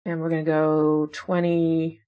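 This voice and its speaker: A woman's voice: low-pitched, completely flat delivery, unhurried, warm tone. A woman playing puzzle games and thinking aloud in casual commentary, chatty and wondering, with self-deprecating asides. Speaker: puzzle game streamer.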